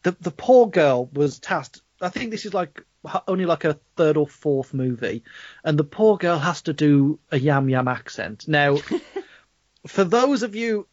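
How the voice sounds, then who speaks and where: Podcast co-host, Black Country man, raised pitch, sweary ranting, dry slightly muffled recording. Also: expressive, a little slow, a little mellow, no room sound. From Black Country, England. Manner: sweary, ranting, laughing often. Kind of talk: casual film review chat.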